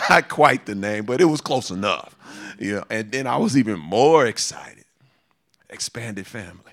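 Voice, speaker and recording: A man's voice: fairly low pitch, animated, moderate pace, fairly bright tone. A man preaching a sermon, repeating phrases for emphasis and chuckling often.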